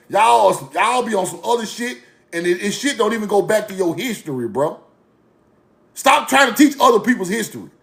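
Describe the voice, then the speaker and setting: Speaking to his online audience, a man delivers a casual rant in a high, rough-edged voice with a fairly bright tone. He's profane and blunt, ridicules his targets, and repeats the same lines over and over.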